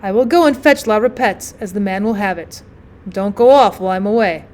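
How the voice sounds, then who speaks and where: A woman's voice: mid-range voice, fairly quick, darkish tone, close to an everyday voice. A woman voicing a stingy, hesitant peasant man in a storybook reading, stammering and wheedling. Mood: uneasy.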